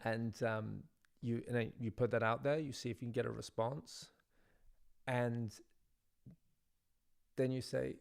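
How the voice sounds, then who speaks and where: A man dating coach talking straight to his viewers in a relaxed, conversational way, often checking in with "right?" and slowing his voice to show how a line should land. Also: medium pitch, vocal fry, clear, resonant tone. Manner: conversational, repeats "right?", demonstrates lines by slowing his delivery. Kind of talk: instructional talk to camera.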